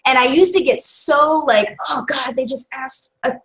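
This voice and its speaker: Woman, call guest, fairly high voice, lively storytelling, casual chat. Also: moderate pace, poor audio. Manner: lively storytelling with acted quotes. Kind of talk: casual chat sharing experience.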